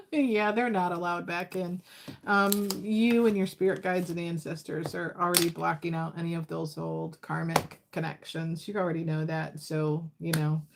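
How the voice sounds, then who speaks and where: A woman's voice: on the low side, level tone, moderate pace, gravelly, background noise. A woman doing a casual livestream tarot reading, chatty and given to laughing, her voice tired after hours of talking and reading to her chat. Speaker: tarot reader.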